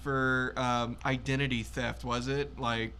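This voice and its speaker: A man's voice: medium pitch, flat delivery, unhurried, pushed and bright, slight background noise. A man co-hosting a casual political live stream, talking with hesitant fillers.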